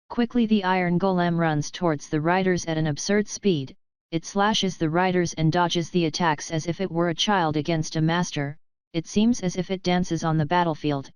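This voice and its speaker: A woman narrating a fantasy audio novel in the first person, her inner thoughts often flustered and breathless. Her voice sits fairly low and sounds very smooth and clear. The recording is dry and close, with no room around it. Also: a little mellow, no echo.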